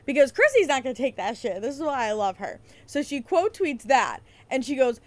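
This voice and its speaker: A woman's voice: high voice, big pitch swings, fairly quick, few pauses, dry recording. A woman hosting a podcast, ranting in a heated, sarcastic way and swearing often. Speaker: podcast host. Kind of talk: casual profane rant.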